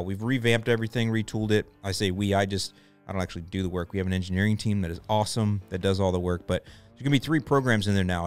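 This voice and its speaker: A man's voice: lowish voice, smooth. A man hosting a podcast, talking casually and playfully, laughing often and rambling. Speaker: podcast host. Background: faint music.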